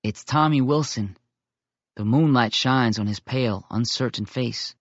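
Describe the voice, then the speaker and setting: A man narrating a first-person audiobook in a steady, measured storytelling voice. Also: medium pitch, dry recording, muffled recording.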